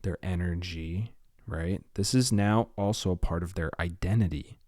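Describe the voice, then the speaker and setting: A man with a low voice and a slight lisp hosts his solo podcast in a casual, rambling way. He wanders off topic, then steers back. The sound is close and dry. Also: moderate pace, a little mellow, dry recording. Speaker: podcast host.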